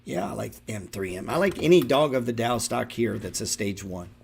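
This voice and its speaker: A man's voice: fairly low pitch, normal speed, creaky, a little hiss or hum. A man hosting a stock trading show, giving loose, profane live market commentary and talking straight to his viewers. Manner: excitable, profane, talks to viewers directly.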